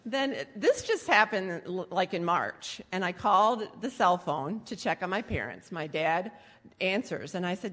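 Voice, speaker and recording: A middle-aged woman tells family stories in a sarcastic, teasing way. Her voice is bright, and it rings with the long reverb of a large hall. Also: medium pitch, lively intonation, measured pace. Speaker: daughter telling family stories. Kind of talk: humorous storytelling to an audience.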